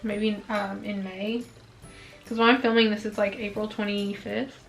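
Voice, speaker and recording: A woman's voice: mid-range voice, flat delivery, moderate pace, vocal fry, soft background music, poor audio. A young woman filming a casual makeup review at home, chatting and venting her frustration, a bit out of breath. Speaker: beauty vlogger. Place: indoors at home, filming herself.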